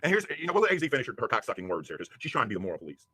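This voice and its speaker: A man shouting a profane, angry livestream rant, hurling insults at a rival. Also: medium pitch, huge pitch swings, racing, slightly rough, no room sound. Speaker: YouTube streamer.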